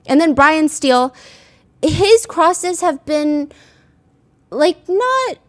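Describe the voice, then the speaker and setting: A woman's voice: sits high, animated, very slow. A woman hosting casual commentary, recapping a trial in a chatty way with many filler words and acted-out quotes.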